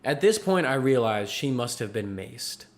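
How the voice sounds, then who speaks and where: A man co-hosting a podcast tells a story casually, acting out the people in it with bursts of laughter. His voice is mid-range at a moderate pace, and the recording is very noisy.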